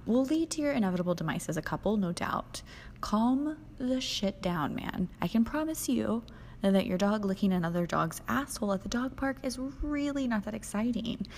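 Sassy, profane young woman with lively pitch. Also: a little hiss or hum. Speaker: host. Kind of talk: scripted comedic monologue.

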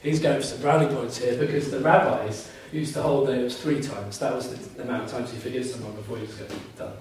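A man's voice: medium pitch, steady tone, fast talker, a little mellow, a little hiss or hum. A man preaching a sermon, earnest and emphatic, driving home key phrases by repeating them. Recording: very echoey room, mic at a distance.

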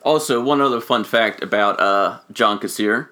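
A man's voice: on the low side, moderate pace, pushed and bright. A man co-hosting a podcast, adding dry, chuckling asides in casual chat. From Baltimore area. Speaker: podcast co-host.

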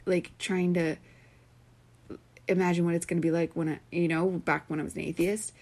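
A woman's voice: lowish voice, little pitch movement, normal speed, a little mellow. A woman hosting a podcast, rambling earnestly in a Valley-girl-ish way with lots of "like" and casual swearing. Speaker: podcast host. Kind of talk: casual spiritual monologue.

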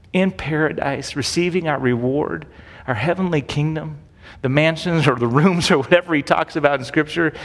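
A man teaching through a Bible passage as a pastor, in a casual, conversational way, often checking in with rhetorical questions. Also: on the high side. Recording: long reverb.

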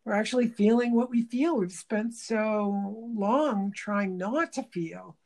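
A woman who teaches workshops talks through her ideas in a reflective interview. She speaks thoughtfully, searching for words and often restarting her phrases. Her voice sits at a middling pitch. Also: slow, darkish tone.

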